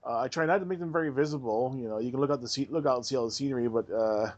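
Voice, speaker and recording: Male podcast host and game master, average pitch, casual and halting, keeps restarting his sentences. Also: darkish tone, lo-fi sound. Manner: halting, restarts and repeats words. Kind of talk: casual chat.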